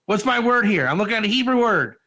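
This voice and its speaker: A man giving an informal Torah class, energetic and joking, putting questions to his listeners in a classroom. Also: high-pitched, fast talker. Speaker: Torah teacher.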